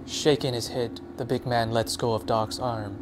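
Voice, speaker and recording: A man's voice: mid-range voice, level tone, moderate pace, background noise. A man narrating an audiobook in a dramatic storytelling manner. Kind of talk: scripted narration.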